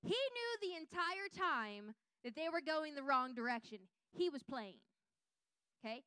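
A woman teaching a Bible lesson, reading scripture aloud with lively voiced quotes and checking in with her listeners. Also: sits high, unhurried, no room sound.

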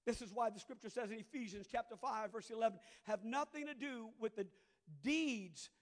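A middle-aged pastor from southern Louisiana with a Cajun accent preaches a sermon in a very high voice. He moves between soft conversational asides and loud, drawn-out preaching.

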